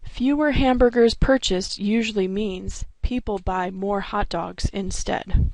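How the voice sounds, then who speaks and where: Woman lecturing with a gravelly edge. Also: mid-range voice, steady tone, measured pace, a little mellow, dry recording. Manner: clear explanatory delivery with occasional restarts. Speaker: economics instructor. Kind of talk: recorded lecture narration.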